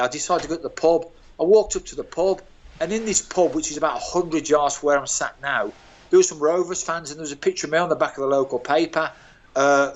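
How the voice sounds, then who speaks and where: Older man spinning self-mocking football stories. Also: fairly high pitch. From England, Birmingham. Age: 60s. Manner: animated, self-mocking anecdotes. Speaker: guest, former footballer. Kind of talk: storytelling interview.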